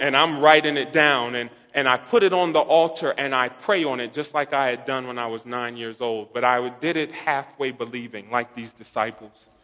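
Young male preacher, lively story-driven sermon, crisp bright tone, reverberant hall sound. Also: on the high side, normal speed. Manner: animated, quotes others in softened voices.

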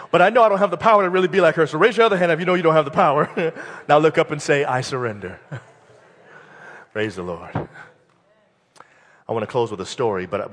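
A male pastor preaching a sermon and telling a fable, animated and building to loud, fervent peaks in a church hall. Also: mid-range voice. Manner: animated, building to shouted climaxes. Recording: long hall reverb.

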